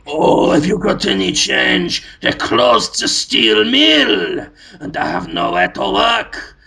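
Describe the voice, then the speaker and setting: A man voicing a ragged old beggar man who pleads slowly for change. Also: sits high, huge pitch swings, creaky, bright, forceful tone, husky, heavily acted. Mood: pleading. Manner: slow and pleading.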